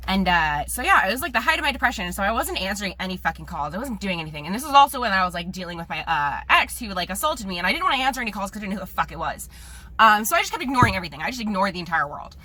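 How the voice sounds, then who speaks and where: A woman's voice: medium pitch, sing-song, very fast, bright, forceful tone. Tearful, angry young woman ranting. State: fighting back tears. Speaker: vlogger. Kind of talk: emotional vlog rant.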